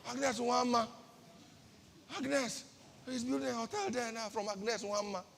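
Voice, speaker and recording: A woman's voice: a little high, flat delivery, measured pace, creaky, long reverb tail, slight background noise. A woman pastor with a Nigerian accent giving an emphatic sermon-style talk, firing off rhetorical questions and repeating her key phrases.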